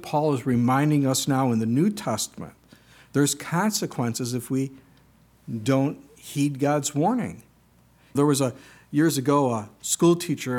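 A man in the middle of a sermon, talking to his congregation in a plain, conversational way. His voice sits at an ordinary middle pitch, and he reads scripture aloud, now and then breaking into animated exclamations. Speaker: pastor.

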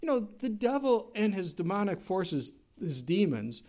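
Male pastor, fairly high-pitched, emphatic sermon delivery with rhetorical questions. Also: very animated, moderate pace, darkish tone. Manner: emphatic preaching with rising exclamations and rhetorical questions.

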